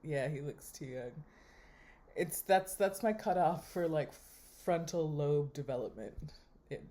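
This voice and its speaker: Wry, slow-talking young woman. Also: low voice. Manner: wry, deadpan running commentary. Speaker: vlogger. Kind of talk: casual chat while swiping a dating app.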